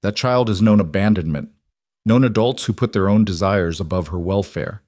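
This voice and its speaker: A man voicing a wise elderly male tribal chief, calm and solemn, with slow, measured, grave speech. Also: fairly low pitch, dry recording, clean studio sound, close to an everyday voice. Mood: earnest.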